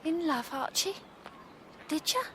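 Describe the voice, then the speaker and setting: A woman's voice: high-pitched, animated, a little slow, pushed and bright, a little hiss or hum, heavily acted. An actress playing a lovesick, snotty young woman in a comic radio drama, with a dopey, earnest manner. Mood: pleading.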